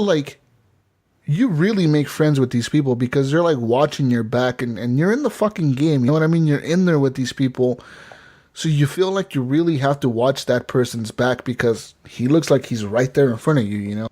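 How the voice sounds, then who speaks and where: A man from Oregon co-hosting a gaming podcast, talking in an excitable, profane way and laughing often. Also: mid-range voice, a little fast. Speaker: podcast co-host. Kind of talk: casual gaming chat.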